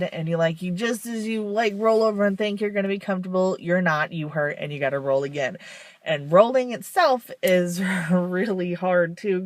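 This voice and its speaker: Speaking in a mid-range voice on a dry recording, a vlogger talks frankly and rambles through a casual confessional video, letting out tired laughs at her own expense.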